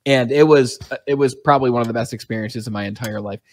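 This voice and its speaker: A man's voice: mid-range voice, quick pace. A man hosting a podcast, telling a personal story in an earnest, talkative way. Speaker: podcast host. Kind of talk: conversational interview.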